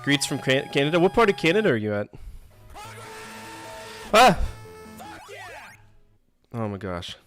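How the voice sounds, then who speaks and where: A man's voice: mid-range voice, very animated, unhurried, long pauses, fairly bright tone. A man in his thirties streaming a game live, joking, complaining sarcastically and chatting with viewers. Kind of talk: live gameplay commentary. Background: faint game music.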